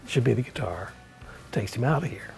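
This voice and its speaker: An older man, telling stories in a relaxed, folksy way as an interview guest. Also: medium pitch, a little fast, gravelly, faint music behind. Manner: relaxed storyteller, folksy with many "you know"s. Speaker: country musician, interview guest. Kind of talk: storytelling in a casual interview.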